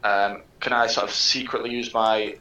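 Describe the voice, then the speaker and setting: A man's voice: on the low side, level tone, moderate pace, pushed and bright, muffled recording. A man playing in a tabletop game, asking hesitant questions in casual table chat. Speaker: player. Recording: echoey room with faint noise.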